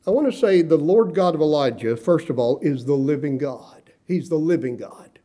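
A middle-aged man preaching a sermon, emphatic and slowing down to stress key words. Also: on the high side, lively intonation, mellow. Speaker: pastor.

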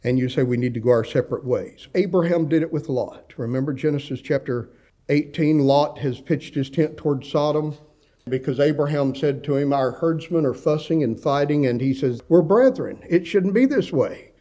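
A man's voice: medium pitch, moderate pace, warm tone. A middle-aged man preaching a sermon in a folksy, conversational way, with humorous asides. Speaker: pastor.

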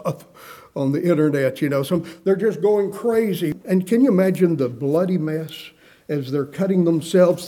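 A man preaching a sermon, with sudden lifts in pitch and dry humor. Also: warm tone. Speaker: pastor.

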